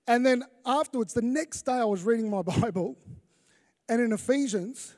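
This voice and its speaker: A man's voice: extremely high pitch, normal speed, darkish tone. A man, a pastor preaching a conversational sermon with self-deprecating humour. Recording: long reverb of a large hall.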